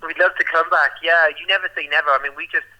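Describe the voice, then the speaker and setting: A man's voice: a little high, fairly even intonation, quick pace, pushed and bright, low-quality recording. A young man with a Birmingham accent, speaking in a rambling casual interview full of fillers. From Birmingham, England. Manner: rambling, full of "like" and "you know". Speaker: roller skating performer.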